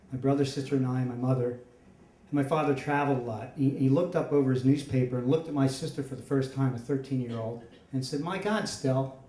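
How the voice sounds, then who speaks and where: A man's voice: medium pitch, dark tone. 50s guy telling a funny story on a stage, wry and self-deprecating, bit of room echo. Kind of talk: live comedic storytelling. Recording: roomy echo.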